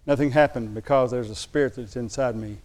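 An older man preaching a sermon, telling a personal story, slowing for emphasis and dropping to a quiet, moved tone. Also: medium pitch. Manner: storytelling, slows down for emphasis, drops to a hushed tone when moved. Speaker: pastor.

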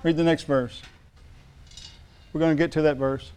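A man preaching in a church with a high, smooth, resonant voice. He jokes with the congregation, then rises to emphatic, ringing declarations. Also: fairly even intonation, moderate pace, a little mellow. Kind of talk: sermon.

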